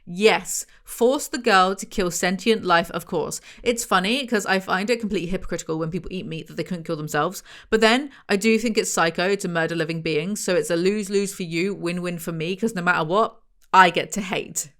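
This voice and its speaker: A woman's voice: on the low side, brisk, a bit bright. Sarcastic woman reviewing books. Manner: dry, sarcastic humor. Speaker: book reviewer. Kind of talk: sarcastic book review commentary.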